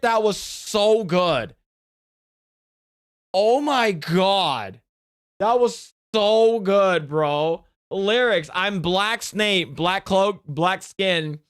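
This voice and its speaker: A man streaming live, reacting to a video in a casual, excitable way, swearing often and restarting his sentences. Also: high voice, clear, resonant tone, no room sound, clean studio sound.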